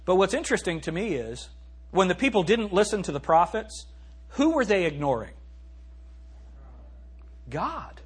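A man preaching a sermon as pastor in a church, animated and swinging from loud to hushed, reading scripture slowly and emphatically. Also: sits high, breathy edge. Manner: reads scripture in a slow, emphatic cadence. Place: church sanctuary.

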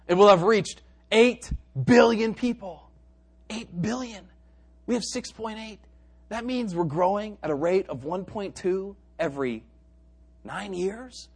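A man with a notably high voice preaching a sermon. He drops to quiet, joking asides and then climbs back to loud, emphatic exhortation. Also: slightly rough. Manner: dry jokes to the congregation.

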